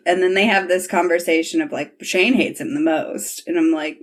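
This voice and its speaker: A woman's voice: fairly low pitch, moderate pace, few pauses. A woman hosting a podcast, casually recapping episodes and acting out the lines with bursts of laughter. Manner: animated retelling, quoting scenes with bursts of laughter. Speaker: podcast host.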